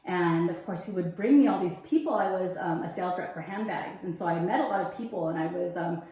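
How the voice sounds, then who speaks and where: A woman's voice: on the low side, fairly quick, dark tone. A woman in casual conversation, telling her story with animation and acting out her own past thoughts. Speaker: guest sharing faith testimony. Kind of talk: casual interview chat. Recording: very echoey room.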